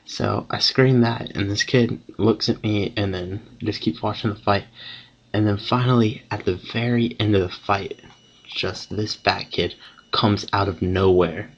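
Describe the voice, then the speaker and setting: A teenage guy with a low, gravelly voice rambles through a story, swearing freely and correcting himself mid-sentence. The sound is dull and lo-fi, like a cheap home recording. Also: fairly even intonation, a little slow, slight background noise. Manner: rambling, profane, self-correcting. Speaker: vlogger telling a story. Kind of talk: casual storytelling to camera.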